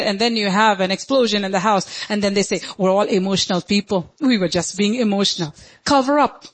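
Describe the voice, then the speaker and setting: A woman pastor preaching a sermon in an emphatic, dramatic way, often acting out quotes. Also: medium pitch.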